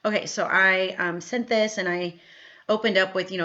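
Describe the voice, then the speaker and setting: A woman's voice: medium pitch, fairly even intonation, moderate pace, sharp tone. Chatty upbeat woman, lo-fi sound. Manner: chatty, upbeat, lots of fillers and "like". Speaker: network marketing trainer. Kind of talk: casual training talk. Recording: slightly dull lo-fi audio.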